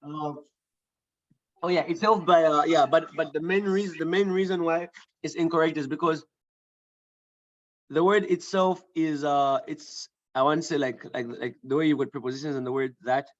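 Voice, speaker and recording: This man's voice is a little high and steady, at a normal speed, and the audio sounds dull. He's running an online grammar lesson on writing, thinking out loud with fillers and restarts and frequently checking on his students.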